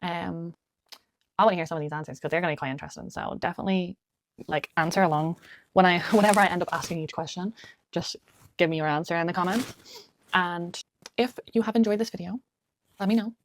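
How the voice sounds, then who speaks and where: A woman's voice: on the low side, fast, long pauses, a little hiss or hum. A woman chatting casually at home while doing her makeup, muttering little asides to herself as she works. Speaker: beauty vlogger. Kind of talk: chatty get-ready-with-me talk.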